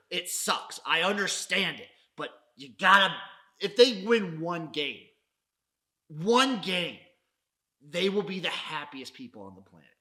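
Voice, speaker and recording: A man's voice: fairly high pitch, sharp tone. A man hosting a casual sports recap podcast, swearing and ranting with mock-dramatic outrage.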